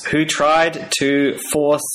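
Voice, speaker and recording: A man's voice: a little high, little pitch movement, drawn-out words, a bit bright, low-quality recording. A man putting on a mock-formal Australian Siri assistant voice in a joking voicemail. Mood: deadpan teasing. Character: cheeky male Siri assistant voice. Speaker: listener voicemail caller.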